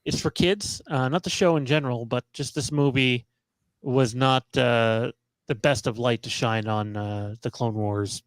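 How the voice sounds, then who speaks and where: A man on a casual podcast panel, talking in halting bursts with many fillers and restarts. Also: mid-range voice, a bit bright, smooth, no room sound, rough recording.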